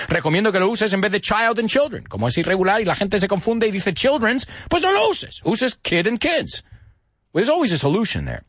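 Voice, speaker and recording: Animated man teaching English. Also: sits high, dry recording, studio quality. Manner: animated, switches between English and Spanish, sings lyric snippets. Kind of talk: bilingual English lesson.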